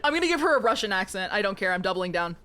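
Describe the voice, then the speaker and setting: A woman's voice: medium pitch, sing-song, very fast, pushed and bright. A woman streamer chatting and giggling as she reads a romance novel to her viewers. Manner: giggly, chatty, self-mocking. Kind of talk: live-stream reading and chat. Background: faint music.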